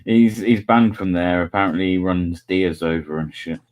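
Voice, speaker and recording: A man's voice: low-pitched, a little mellow, dry recording. A man who banters and teases the others in a casual panel chat. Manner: slow, teasing, mocking banter.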